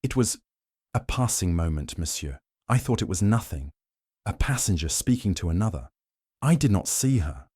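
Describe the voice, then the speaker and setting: Picture a man doing a frightened train conductor in an audiobook. He answers in a hesitant, anxious way, in a low voice set a little higher than his narration, recorded dry and close. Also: big pitch swings, moderate pace, mellow, husky, no echo. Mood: nervous.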